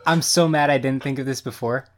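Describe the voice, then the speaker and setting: A man's voice: mid-range voice, brisk. A young man co-hosting a podcast in casual chat, jokey, and the one who keeps the talk on track. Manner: animated, jokey, steers the talk back to the episode. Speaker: podcast co-host.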